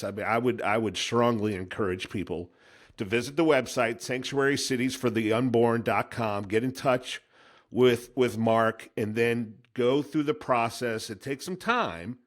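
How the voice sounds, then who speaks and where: A man hosting a podcast interview, giving listeners direct, firm advice. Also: mid-range voice. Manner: direct, advising listeners firmly. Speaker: podcast host.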